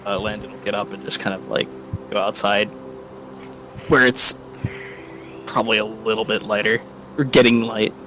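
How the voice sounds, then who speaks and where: A man playing in a tabletop game, describing his character's actions haltingly as he thinks aloud. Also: fairly low pitch, little pitch movement, noisy background. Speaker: player. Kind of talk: casual tabletop role-play chat.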